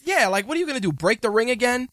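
A man's voice: extremely high pitch, animated, very fast, bright, forceful tone, no room sound, clean studio sound. A man hosting a podcast, ranting in profane casual banter. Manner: ranting, swearing, mocking. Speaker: podcast host.

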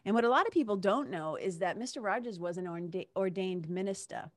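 A woman's voice: medium pitch, brisk, dry recording, studio quality. A woman in her fifties hosting a show, telling a story in an emotional, casual way and often asking "right?". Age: 50s. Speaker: host. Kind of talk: casual heartfelt monologue.

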